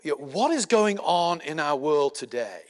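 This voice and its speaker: A middle-aged man giving a conference lecture in a measured, explanatory way, with frequent filler words and dry asides. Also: a little high, big pitch swings. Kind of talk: spoken lecture. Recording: long hall reverb.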